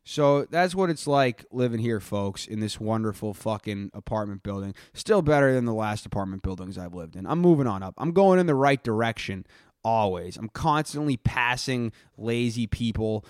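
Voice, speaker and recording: A man's voice: fairly low pitch, expressive, moderate pace, clean tone, no room sound, studio quality. A man hosting his own podcast as a brash, boastful character, swearing constantly while he rants and complains about his week. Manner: brash, boastful, profane ranting; self-important, complains at length. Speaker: podcast host. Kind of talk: comedic character monologue.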